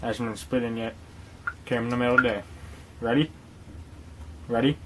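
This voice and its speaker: This man, a tobacco dip reviewer, tells casual vlog stories in a loose, rambling way, swearing often and joking through his tale before shifting to a product review. He talks fast with a level tone and an ordinary middle pitch, and there's noise in the background.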